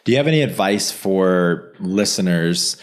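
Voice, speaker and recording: Enthusiastic podcast host, lower voice. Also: male voice, animated, measured pace. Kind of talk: casual interview.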